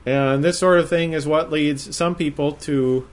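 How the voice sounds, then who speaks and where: A man giving verse-by-verse Bible teaching in a measured, explanatory way, slowing down to stress quoted phrases. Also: a little high, steady tone.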